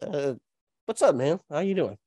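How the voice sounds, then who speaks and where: A man hosting a comedy podcast with theatrical, drawn-out announcer introductions. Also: on the high side, animated, warm tone, husky, dry recording. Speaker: host.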